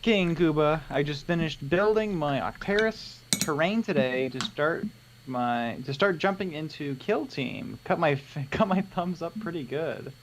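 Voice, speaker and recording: A man's voice: fairly high pitch, expressive, a little slow, slight background noise. A man co-hosting a live miniature-painting stream, chatting casually, joking and reading out viewer questions. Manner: joking, teasing, reads viewer questions aloud. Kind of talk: casual chat.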